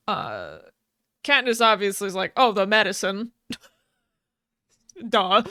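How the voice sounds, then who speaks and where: A woman's voice: mid-range voice, pushed and bright, clean tone, no echo, clean studio sound. A woman co-hosting a podcast, casually recapping a book's plot, swearing freely and laughing often between sentences. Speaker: podcast co-host. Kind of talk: casual book recap chat.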